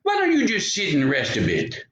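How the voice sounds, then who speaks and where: A man's voice: high voice, huge pitch swings, normal speed, fairly bright tone, echoey room, muffled recording, pitched above the performer's own voice, full character voice. A man voicing a sneaky, big bad male werewolf in a storybook tale, with a sly, coaxing drawl.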